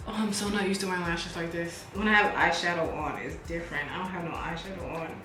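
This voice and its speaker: A woman with a lowish voice talks at a quick pace, chatting casually with her viewers while she does her makeup. As a beauty vlogger and business owner, she's animated and chatty, addressing viewers like friends. Echo fills the room, and faint music plays.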